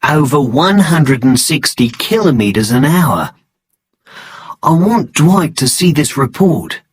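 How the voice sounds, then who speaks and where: A man's voice: fairly high pitch, very animated, slow pace, slightly rough, no echo, voice pushed up, exaggerated voice. A man reading a storybook, voicing an anxious, insistent male scientist in a raised voice. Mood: eager.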